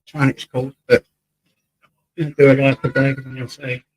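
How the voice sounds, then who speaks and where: Here a male English livestream host chats from his home, calling out viewers by name and reading their messages aloud while occasionally moving off his desk mic. His medium-pitched delivery is flat at a normal pace, with no room sound, though the recording is rough.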